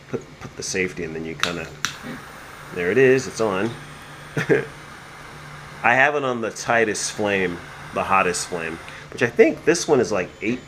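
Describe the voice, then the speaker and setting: Low-voiced rambling man with an air-conditioner hum. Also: fairly bright tone, rough recording. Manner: rambling, lots of fillers and restarts. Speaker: lab tour host. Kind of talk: casual show-and-tell. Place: home lab room.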